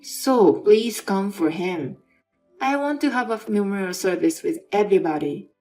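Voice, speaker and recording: A woman's voice: medium pitch, expressive, normal speed, darkish tone, faint music behind, close to an everyday voice. A woman reading a demanding, evasive husband. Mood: pleading. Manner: pleading then dismissive. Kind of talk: dramatized story reading.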